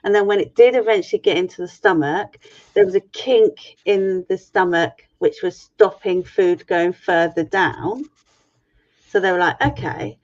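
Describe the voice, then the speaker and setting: A woman's voice: on the low side, unhurried, darkish tone. A middle-aged woman on a video call, frankly and swearily retelling an ordeal in a personal story. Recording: muffled lo-fi stream audio.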